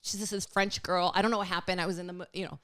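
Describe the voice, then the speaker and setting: A woman's voice: on the low side, flat delivery, rapid-fire, a bit bright, no echo. A woman in her thirties, a comedian guest, telling a frank, chatty story on a podcast with lots of "like". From Brazil. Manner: chatty, frank, heavy use of "like".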